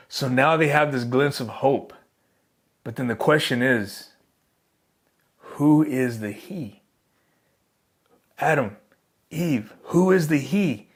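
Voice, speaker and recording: A man giving a Bible lesson in an earnest, emphatic way, slowing on key phrases and lifting his voice on questions. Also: medium pitch. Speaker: Bible teacher. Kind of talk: sermon.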